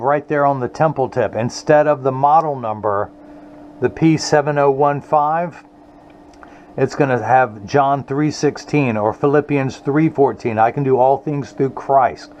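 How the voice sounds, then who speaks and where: A middle-aged man who crafts eyewear speaks earnestly, wandering a bit, while working on glasses at his workshop bench and addressing the camera. His medium-pitched voice is rather slow and darkish, captured on slightly muffled audio with a faint hum of room noise.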